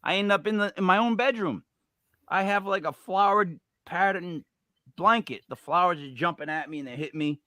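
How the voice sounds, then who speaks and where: A man co-hosting a podcast, telling a rambling story with animated, voiced quotes. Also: high-pitched, normal speed, dry recording, studio quality. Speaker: podcast co-host. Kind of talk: storytelling banter.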